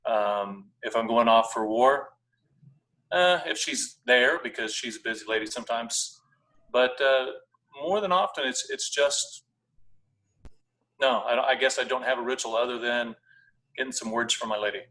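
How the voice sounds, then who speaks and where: Guy with a bright voice, a bit far off the mic, thinks as he talks. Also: mid-range voice. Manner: thoughtful, halting. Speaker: guest fighter. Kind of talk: casual chat.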